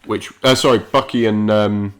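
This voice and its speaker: A man's voice: fairly low pitch, steady tone, normal speed, a bit bright. Rambling guy reviewing a film. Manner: rambling, trips over names and restarts. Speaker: film review podcast co-host. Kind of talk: casual film review chat.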